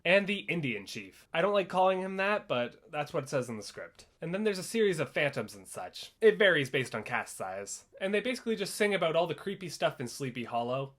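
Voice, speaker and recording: A young man reviews a play in a sarcastic, chatty vlog. His voice is fairly high and very lively, bouncing up and down as he jokes. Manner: sarcastic, animated commentary. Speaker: theater reviewer.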